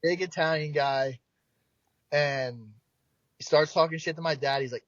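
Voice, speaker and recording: A young man from South Jersey, a baseball pitcher guest, telling stories in a lively, profane way and acting out quoted voices. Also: a little slow, long pauses, dry recording. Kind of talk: casual storytelling. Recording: dull dry podcast mic.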